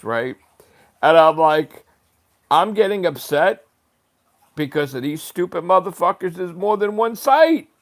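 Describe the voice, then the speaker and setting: A man's voice: high voice, a bit bright. A man streamer in an angry, profane livestream rant.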